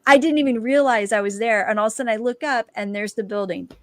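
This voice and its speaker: A woman, a dancer and author, telling her personal testimony as a guest and lively acting out the quoted dialogue. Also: a little high, fast, no room sound.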